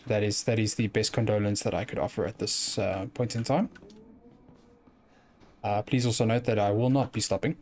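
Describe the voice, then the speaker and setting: A man's voice: on the low side, steady tone, normal speed, darkish tone. A man giving let's play commentary, chatting and muttering to himself as he plays a video game. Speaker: gaming YouTuber.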